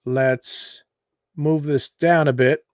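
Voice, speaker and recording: A man hosts a live tutorial, his voice sitting a little high and moving at a slow, deliberate pace. He thinks aloud as he clicks through the software, dropping fillers and correcting himself. The sound is dry and close, with no room around it. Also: steady tone, dry recording. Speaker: host of a CNC woodworking show.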